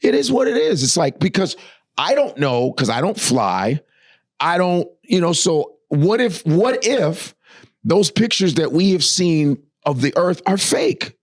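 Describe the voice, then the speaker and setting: A man guest comedian riffing on a podcast, animated and profane. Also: fairly high pitch, unhurried.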